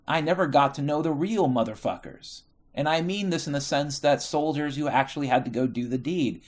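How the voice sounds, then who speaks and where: A man's voice: a little high, a little mellow. Middle-aged man, American, casual monologue; swears freely, wanders, corrects himself mid-sentence. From United States. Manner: profane, rambling, self-correcting.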